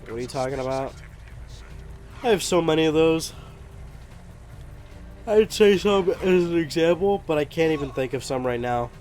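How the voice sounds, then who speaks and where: A man's voice: a little high, moderate pace, pauses often, a little mellow, faint music behind. A young man giving casual, rambling let's play commentary, swearing and laughing often. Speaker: gameplay commentator.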